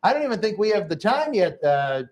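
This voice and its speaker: A man's voice: sits high, sing-song, fairly quick. A man hosting a live interview, joking around and plugging upcoming events in a promo style. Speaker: host.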